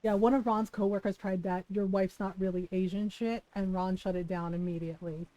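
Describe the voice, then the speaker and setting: A woman streaming a video game, chatting casually and telling stories in an animated way, with plenty of swearing. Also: mid-range voice, brisk, poor audio. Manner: animated storytelling with frequent swearing and laughter. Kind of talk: casual gameplay chat.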